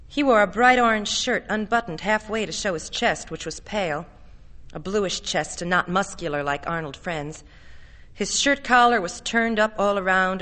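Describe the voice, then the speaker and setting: Bright-voiced woman reading a story aloud. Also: medium pitch. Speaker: reader.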